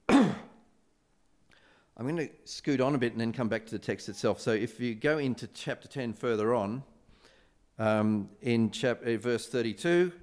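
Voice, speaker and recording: A man preaching a sermon in a loose, conversational way, retelling scenes with animation and frequent fillers and restarts. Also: medium pitch.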